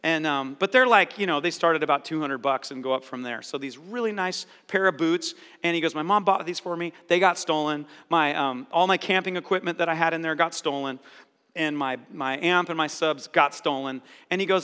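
Brisk and smooth, this middle-aged pastor's high, bright voice rings through a big, reverberant hall as he hammers home repeated phrases in his sermon.

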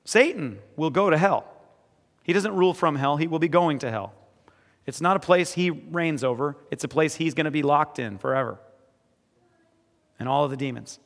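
A male pastor delivers a sermon in a somewhat high voice. He moves between quiet, earnest scripture reading and emphatic exhortation. The sound rings out with a long reverb across a large hall. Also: normal speed, pauses often.

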